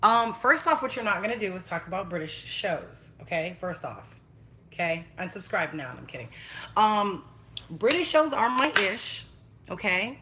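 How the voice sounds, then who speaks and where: A woman's voice: medium pitch, very animated, normal speed, bright, forceful tone. Chatty, blunt woman vlogging. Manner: chatty, blunt, swears freely. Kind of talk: casual livestream chat.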